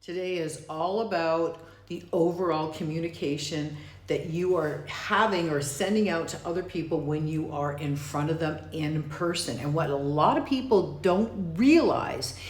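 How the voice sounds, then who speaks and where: A woman communication coach teaching to camera, emphatic, slowing down to stress key words. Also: deep voice, reverberant.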